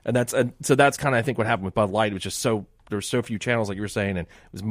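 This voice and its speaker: A male radio guest from Miami who talks quickly and keeps the conversation moving. His voice is fairly low and his delivery rapid. The studio recording is dry. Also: dry recording. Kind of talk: casual radio talk.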